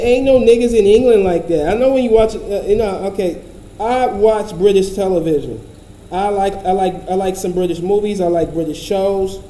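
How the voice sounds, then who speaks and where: A man's voice: sits high, warm tone, echoey room, slight background noise, rough recording. Profane, blunt man ranting. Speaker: commentator. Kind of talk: casual commentary.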